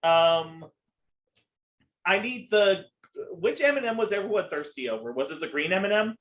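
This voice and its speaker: Young male podcast co-host, slightly high, rambling, profane, filler-heavy. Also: animated, normal speed, fairly bright tone, poor audio. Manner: rambling, profane, with many ums. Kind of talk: casual chat.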